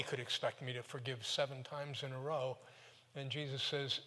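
A man preaching a sermon who tells the story in an animated way, with quick bursts and sudden drops. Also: medium pitch, long reverb tail.

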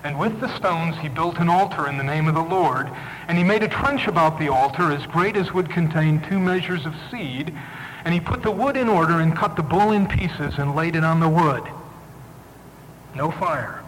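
A man's voice: fairly high pitch, moderate pace, a little hiss or hum. Dramatic preacher man in a hall. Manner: dramatic storytelling, varied emphasis. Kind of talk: sermon.

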